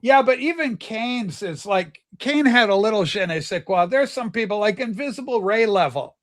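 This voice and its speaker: A man's voice: high voice, expressive, moderate pace. A man hosting a casual livestream chat, teasing and exclaiming as he talks. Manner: exclaims "holy smokes", teasing. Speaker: livestream host. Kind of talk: casual banter.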